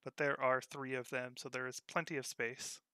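A man narrating as game master of a tabletop game, in a relaxed, unhurried way. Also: mid-range voice, clean tone, no room sound, clean studio sound.

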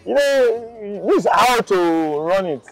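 Man playing a boastful self-proclaimed perfect gentleman, slightly high voice, rambling, self-important. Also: animated, takes it slowly, full character voice, poor audio. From Nigeria. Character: boastful young man who calls himself the perfect gentleman.

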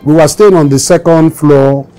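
A man's voice: on the high side, steady tone, normal speed, dark tone, smooth, soft background music. A Nigerian man in his fifties, telling stories in an interview and acting out the voices of the people he quotes. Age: 22 in 1984, now 50s. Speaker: musician interviewee. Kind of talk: storytelling interview.

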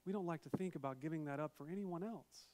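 A male pastor, probably in his thirties, preaching a sermon in a relaxed, conversational way with personal stories and asides. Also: a little high, fast talker. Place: church sanctuary, virtual service.

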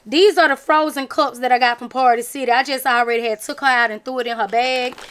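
A woman's voice: sits high, steady tone, quick pace, a bit bright, a little hiss or hum. A woman, chatting casually to her viewers about a craft and gift-basket haul, emphatic and talkative. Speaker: vlogger showing a craft haul. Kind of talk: casual chat to camera.

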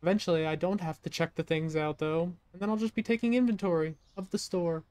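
A fast-talking woman with a warm, fairly low voice does let's-play commentary in a recording with no room sound. This gaming streamer keeps it casual and jokey, tossing chatty remarks at the customers in her game.

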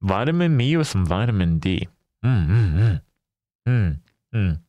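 A man's voice: fairly low pitch, big pitch swings, a little slow, warm tone, no room sound, muffled recording. A man chatting casually with his viewers as a livestreamer, playful and teasing, often laughing.

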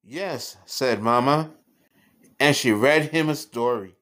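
A man's voice: medium pitch, slow, fairly bright tone. A man reading a children's picture book aloud as a bedtime story.

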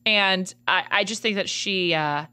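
A woman host chatting casually on a podcast, animated and full of "like" fillers, into a studio mic. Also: mid-range voice, unhurried, clean tone, no room sound. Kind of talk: casual chat.

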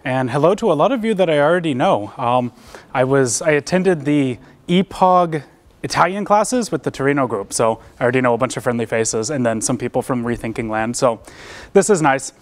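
A man's voice: medium pitch, expressive, brisk. A young American man giving an academic seminar talk in a lecture room, casual and self-deprecating, with many fillers and restarts. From United States. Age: young adult. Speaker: seminar presenter.

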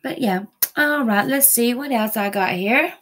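Speaking a little slowly in a slightly high, fairly bright voice, a woman vlogs her nail-product haul. It's casual chat in a busy home with TVs and dogs, and she gushes, repeats herself and uses casual fillers.

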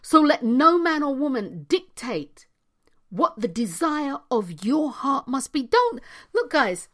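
Slow, emphatic woman giving motivational talk. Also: high-pitched, a bit bright. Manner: emphatic, repeats key phrases, drops to near-whispers. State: hiccuping. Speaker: spiritual coach. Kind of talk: motivational monologue to viewers.

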